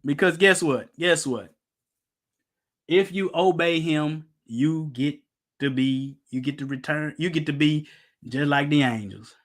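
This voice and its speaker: A man's voice: a little high, unhurried. A middle-aged man preaching an informal Bible-teaching sermon, emphatic, firing rhetorical questions and joking with his listeners.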